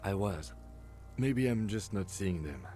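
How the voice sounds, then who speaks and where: A measured, dark-voiced police lieutenant. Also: male voice, low voice, lively intonation, soft background music. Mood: methodical. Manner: measured, precise and formal. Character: composed, methodical male police lieutenant. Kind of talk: game voice acting.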